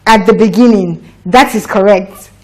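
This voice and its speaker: A woman teaching phonics to young children, patient and encouraging, drawing out each sound slowly and clearly. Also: mid-range voice.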